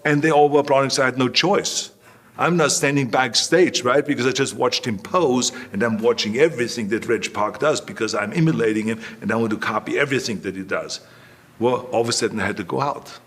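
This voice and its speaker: A man's voice: medium pitch, a little fast, a bit bright. Older man telling stories. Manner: emphatic, repeats himself, acts out dialogue in stories. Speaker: interview guest. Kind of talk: anecdotal storytelling in an interview.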